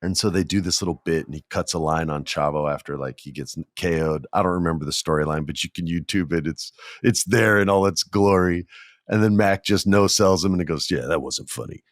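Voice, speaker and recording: A man hosting a podcast, telling a story in a casual, animated, jokey way and acting out the people he quotes. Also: low voice, brisk, no echo, studio quality. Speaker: podcast host. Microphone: podcast mic, on video.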